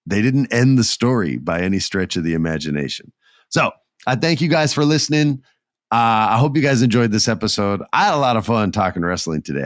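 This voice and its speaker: Pumped-up guy in his 30s retelling a story, low voice that jumps around a lot, dry close mic. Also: dry recording. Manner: excited storytelling, acts out quotes. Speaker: podcast host. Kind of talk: solo podcast recap.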